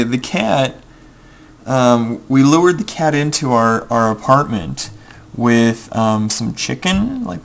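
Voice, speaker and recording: A young man tells a long, rambling story while he plays a game, stopping often to mutter his next moves under his breath. His voice has a gravelly edge at a middle pitch. Keyboard typing can be heard behind him. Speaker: gameplay video creator. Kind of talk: casual storytelling over gameplay.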